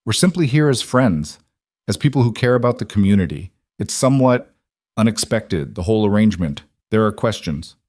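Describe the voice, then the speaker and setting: A falsely sweet frontier society matron speaks in a warm, managing tone that hides condescension, as a man reads her lines. The voice sits a little lower, and the recording is dry and close. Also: expressive, brisk, no echo. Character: socially polished prairie matron, condescending. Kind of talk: storybook narration.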